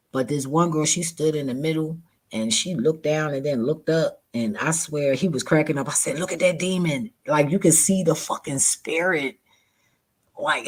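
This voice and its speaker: A man's voice: mid-range voice, rough recording. Laid-back man telling a profane story. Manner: loose, profane storytelling with frequent laughs. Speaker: vlogger. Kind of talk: casual storytime.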